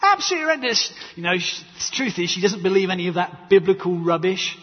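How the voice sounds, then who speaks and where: A man preaches in a high, slightly husky voice, his words carrying a long reverb through a church hall. He tells stories with animated energy and acts out what others said. The recording sounds dull and muffled. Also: fast talker. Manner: animated storytelling with acted quotes and laughter. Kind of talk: sermon.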